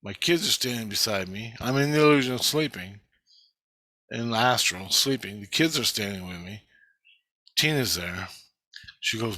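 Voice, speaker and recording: A man's voice: fairly low pitch, lively intonation, normal speed, bright, forceful tone, no room sound. A middle-aged man talking in a rambling, profane, intense personal monologue as a vlogger.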